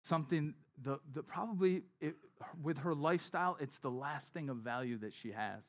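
A man preaching a sermon as pastor, talking conversationally and acting out the people in the story. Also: normal speed. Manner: conversational, acts out quotes with shifting pitch and volume.

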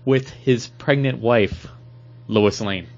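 A man co-hosting a podcast, talking casually about comic books and beer, joking with animated delivery. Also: medium pitch, slow pace. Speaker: podcast co-host. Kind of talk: casual chat. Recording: dull lo-fi podcast audio.

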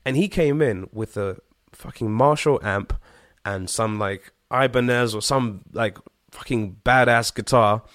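A man from Zimbabwe, a guest singer-songwriter, telling a story in casual chat, animated and slangy, with frequent swearing and fillers. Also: mid-range voice, measured pace, no room sound, studio quality.

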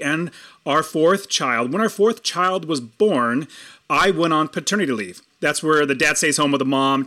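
Bright-voiced man telling his story. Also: fairly high pitch. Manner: earnest, animated storytelling, speeding up and slowing down for emphasis. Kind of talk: personal storytelling in conversation.

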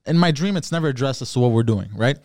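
A man's voice: medium pitch, expressive, fast, a little mellow, no echo, clean studio sound. A man co-hosting a podcast, telling a long dream story in casual chat, with lots of fillers and restarts. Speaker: podcast co-host.

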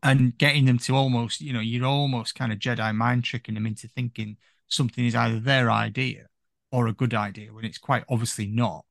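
Gravelly man rambling about films. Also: mid-range voice, a little fast, no room sound, clean studio sound. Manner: rambling, hedging with "you know", animated. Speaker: podcast guest. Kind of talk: casual film chat.

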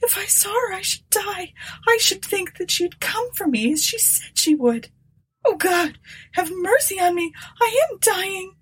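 A woman's voice: high voice, very animated, unhurried, voice pushed up. A woman reading aloud voicing a timid, frightened sister in a storybook, with a fearful, pleading manner. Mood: terrified.

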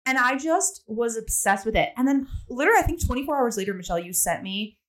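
A woman co-hosting a podcast in casual chat, animated and quick to laugh and gush. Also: fairly high pitch. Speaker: podcast co-host.

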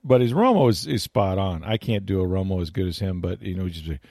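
Rambling low-voiced football analyst man. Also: expressive, fairly quick, a little mellow, no echo, clean studio sound. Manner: rambling, many fillers and restarts. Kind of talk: casual radio chat.

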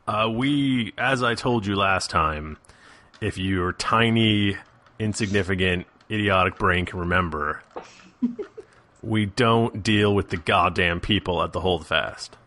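A man's voice: sits low, slow, pushed and bright, exaggerated voice. A man voicing a contemptuous ancient elf who speaks curtly and throws insults, in a tabletop role-play. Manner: insulting, curt and swearing.

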